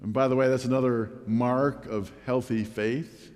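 A man's voice: mid-range voice, fairly even intonation, normal speed, darkish tone, big-room sound. A man preaching a sermon as a pastor, asking the congregation rhetorical questions.

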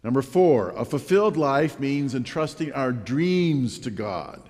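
Slow, expressive preacher man in a hall. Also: medium pitch. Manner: expressive preaching with rhetorical questions. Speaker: pastor. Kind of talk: sermon.

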